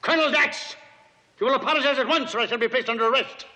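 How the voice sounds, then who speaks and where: An actor playing a scheming, condescending older army general who talks in a smooth, patronizing way. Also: male voice, very high voice, fast, sharp tone, heavily acted. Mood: indignant. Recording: old film soundtrack with long reverb.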